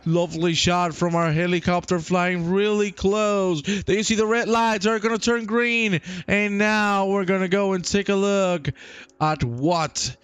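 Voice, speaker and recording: High-voiced excitable male race commentator. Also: measured pace, clear, resonant tone, dry recording. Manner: playful and excitable, chats with viewers. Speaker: sim racing commentator and stream host. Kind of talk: live stream commentary.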